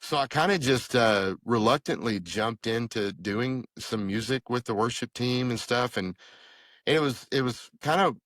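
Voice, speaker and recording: A man's voice: moderate pace, dry recording. A middle-aged man, telling his faith story earnestly as a podcast guest and acting out the dialogue he recalls. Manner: earnest storytelling, acting out quoted dialogue with lively pitch jumps. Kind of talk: personal testimony in conversation.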